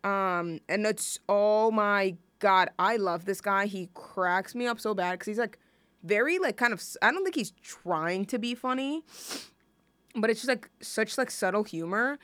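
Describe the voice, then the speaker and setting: A woman's voice: mid-range voice, expressive, normal speed, fairly bright tone, no echo. A young woman hosting a music show in a casual, rambling chat, full of fillers and gushing asides.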